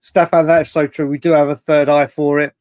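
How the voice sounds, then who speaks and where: A man hosting a late-night fan livestream, chatting excitably and reading out viewer comments. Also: a little high, a little fast, no echo. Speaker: livestream host.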